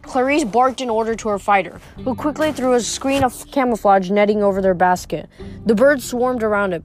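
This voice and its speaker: A woman reading a novel aloud as an amateur audiobook, with frequent slips and restarts. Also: fairly high pitch. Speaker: audiobook reader.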